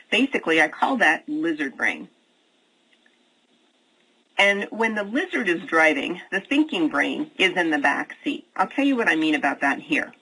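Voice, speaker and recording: A leadership trainer explains his points in a webinar, circling back and repeating words as he goes. His voice is forceful and bright but husky, with a gravelly edge. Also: fairly high pitch, rough recording. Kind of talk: recorded webinar presentation.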